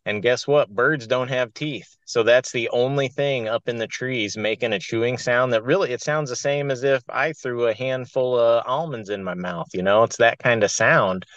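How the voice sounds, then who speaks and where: A man with a Midwestern American accent speaking over a video call in a webinar, relaxed and plain-spoken. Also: mid-range voice, normal speed, few pauses, dry recording, muffled recording. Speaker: hunting panelist. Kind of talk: webinar discussion.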